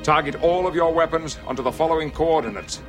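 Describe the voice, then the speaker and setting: An actor playing a calm, commanding starship captain who gives measured orders, in a film clip. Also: male voice, fairly high pitch, close to an everyday voice. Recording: film soundtrack with score music.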